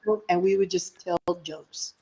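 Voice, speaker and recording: A woman's voice: fairly low pitch, unhurried, gravelly, husky. Chatty woman singer, laughing storyteller. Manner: lively, chatty storyteller who laughs often. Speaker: singer guest. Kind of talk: casual interview chat.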